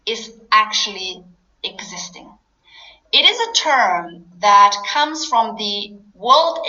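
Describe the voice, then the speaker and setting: A woman's voice: mid-range voice, pushed and bright. A woman business coach giving an earnest, explanatory talk that addresses her audience directly. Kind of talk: motivational webinar talk. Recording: echoey, dull lo-fi sound.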